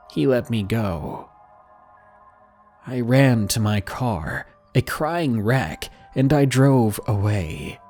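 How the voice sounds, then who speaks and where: Male narrator for true horror stories; animated, dramatic delivery over soft background music. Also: lowish voice. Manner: expressive, dramatic reading with hushed asides. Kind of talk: scripted horror story narration.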